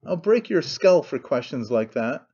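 A man's voice: mid-range voice, sing-song, unhurried, mellow, breathy edge, highs cut off. A man voicing a desperate young husband who makes curt, urgent demands.

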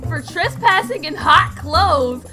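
A woman's voice: extremely high pitch, expressive, takes it slowly, full character voice. A woman voicing smug, leering male cops in a roleplay game, taunting and flirty, over music.

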